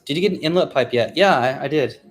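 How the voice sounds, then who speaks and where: A man's voice: fairly high pitch, fast talker, a little hiss or hum. A young adult man hosting a casual livestream from home and his garage, rambling in an easygoing way to viewers and his pets while walking around with a handheld phone or camera. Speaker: car vlogger hosting a livestream.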